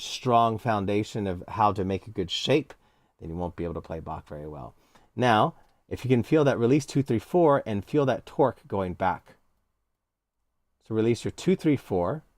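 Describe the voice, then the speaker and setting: A man's voice: mid-range voice, darkish tone, dry recording. Encouraging American man coaching cello. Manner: encouraging, hands-on coaching with counted cues. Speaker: cello teacher. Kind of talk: live online instrument lesson.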